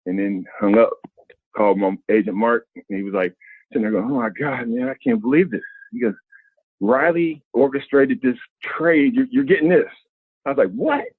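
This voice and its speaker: Middle-aged man as guest, lively storyteller, dry tinny phone-like recording. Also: mid-range voice, normal speed, slightly rough, no room sound. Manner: animated storyteller, acts out quoted voices. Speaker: guest, former basketball player. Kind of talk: candid storytelling interview. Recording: thin phone-like sound, dry.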